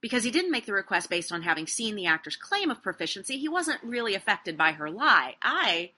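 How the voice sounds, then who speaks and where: Wry, bright-voiced woman host. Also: mid-range voice, very animated. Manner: brisk, wry and emphatic, with rhetorical questions. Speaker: casting director and podcast host. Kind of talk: scripted solo talk.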